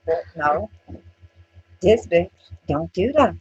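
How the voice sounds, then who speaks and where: A woman's voice: fairly low pitch, takes it slowly, husky, lo-fi sound. A woman co-hosting a casual chat show, blunt and sweary, acting out what others say about her. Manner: blunt, sweary, animated, acts out other people's remarks. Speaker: co-host.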